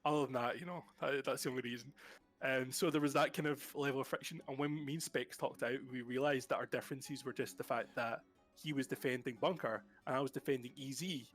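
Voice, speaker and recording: A man's voice: medium pitch, fairly even intonation, brisk, faint music behind. A young man from Scotland with a mild Glasgow accent, chatting casually and jokingly as an interview guest. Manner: joking, rambling with fillers. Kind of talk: casual chat.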